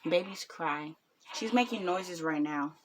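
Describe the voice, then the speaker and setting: A woman's voice: fairly low pitch, unhurried. A woman in her twenties, a new mother, talking bluntly and rambling with lots of ums in a casual reaction vlog. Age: 20s.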